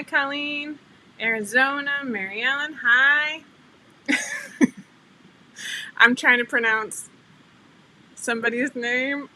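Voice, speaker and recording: Bright-voiced woman hosting a chatty livestream. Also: mid-range voice, slight background noise, low-quality recording. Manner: chatty, laughs often, greets viewers by name. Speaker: livestream host. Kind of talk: casual livestream chat.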